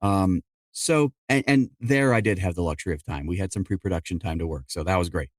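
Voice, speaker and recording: A middle-aged man who works as an audiobook narrator and dialect coach answers interview questions explanatorily, often slipping in quick quoted asides. His voice sits low, recorded dry with clean studio sound.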